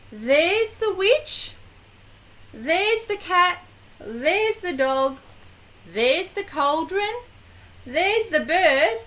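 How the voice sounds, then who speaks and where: Older grandmother reading a picture book to a child, high, lively voice, very slow and expressive. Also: low-quality recording. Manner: slow, animated, with gasps and questions to the child.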